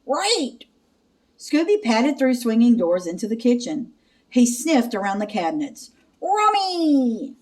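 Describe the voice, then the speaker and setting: Expressive woman teacher reading a storybook. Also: on the high side, moderate pace. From Texas. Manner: expressive read-aloud narration with sound effects. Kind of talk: reading a picture book aloud.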